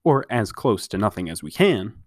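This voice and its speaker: A man reading aloud and voicing a dreamy, whimsical teenage girl who speaks softly and slowly. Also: lowish voice, very animated, no echo, studio quality.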